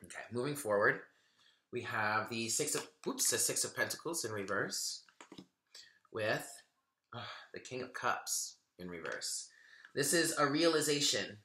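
A man's voice: mid-range voice, animated, measured pace, sharp tone, echoey room. A man giving a casual tarot reading, chatty and earnest, thinking aloud as he goes. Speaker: tarot reader.

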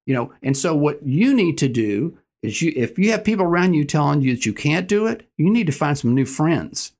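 A man in his sixties, a guest telling stories in conversation, earnest and animated, acting out the dialogue. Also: fairly high pitch, a little fast. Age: 60s. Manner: earnest, animated storyteller who acts out dialogue. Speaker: guest, business owner. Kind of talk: conversational storytelling.

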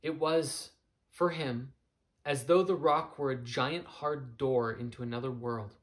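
A man reading a story aloud as narrator in a soft, measured way. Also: medium pitch, fairly even intonation. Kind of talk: audiobook narration.

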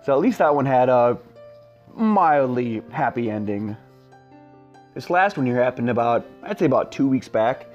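A man's voice: mid-range voice, animated, normal speed. A young man in his twenties tells a story in a rambling, self-mocking way, with lots of fillers. His voice sits mid-range but swings widely. The audio is slightly dull, with faint music underneath. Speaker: storyteller, channel host. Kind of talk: casual storytime monologue.

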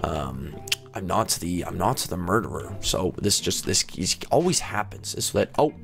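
A young man giving excitable live commentary on an online game, talking to the players on screen as he plays. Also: low-pitched, normal speed, vocal fry, soft background music. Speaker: gaming YouTuber.

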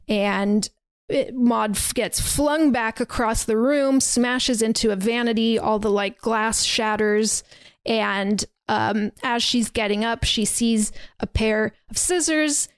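Her voice on the high side and slow, a young podcast host retells a horror film in a chatty, storytelling way, peppered with "like" and small laughs. The sound is clear and resonant, without echo.

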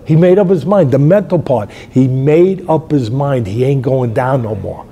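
An older man, hosting a fight talk show, telling stories in a rambling way and shouting out quoted lines. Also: mid-range voice, moderate pace, slightly rough. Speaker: boxing trainer and show host. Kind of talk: animated fight analysis chat.

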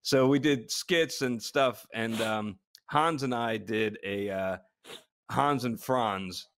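Speaking slowly in a medium-pitched, slightly bright voice, this middle-aged podcast co-host and former astronaut shares a funny story over casual conversation. Laughter keeps interrupting him, so he restarts sentences often. His voice is plain, and he's reportedly short.

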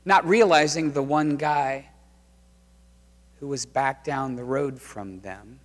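A man preaching a sermon as pastor, telling the story conversationally and swinging between loud and hushed. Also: mid-range voice, takes it slowly. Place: church sanctuary. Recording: reverberant church sanctuary.

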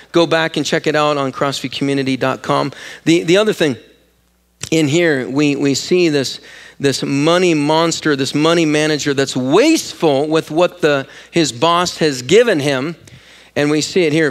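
Animated pastor, higher male voice. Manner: animated, jokey, asks the congregation questions; acts out voices in quotes. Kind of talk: sermon. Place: church sanctuary.

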